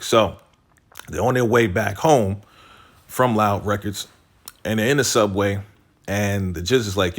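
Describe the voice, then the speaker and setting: A man's voice: a little slow, pauses often. A man casually recapping a TV episode, using slang, saying "right?" a lot and acting out the characters' lines. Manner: retells scenes, quoting characters in a lowered voice; slangy, repeats "right?" and "you know". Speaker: TV recap host.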